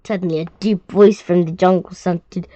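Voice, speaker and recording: Expressive woman reading a children's story. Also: lowish voice, moderate pace, no room sound. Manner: expressive, loud character voices, stumbles and restarts. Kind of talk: children's read-aloud.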